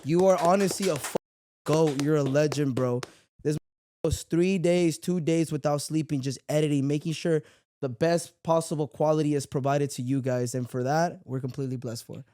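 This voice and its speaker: A man co-hosting a podcast, loud and hyped, sometimes tripping over his words. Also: on the high side, steady tone, normal speed, no echo. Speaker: podcast co-host. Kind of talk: casual podcast chat.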